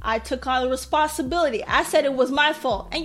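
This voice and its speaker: A woman's voice: sits high, a little fast, fairly bright tone, soft background music. A young adult woman hosting a podcast, telling a personal story in a candid, self-deprecating way, acting out quoted thoughts. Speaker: podcast host.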